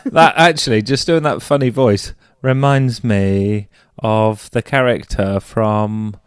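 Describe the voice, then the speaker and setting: A man's voice: on the low side, takes it slowly, smooth, no echo, studio quality. A man co-hosting a podcast in casual chat, jokey and teasing. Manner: jokey, teasing, laughs often. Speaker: podcast co-host.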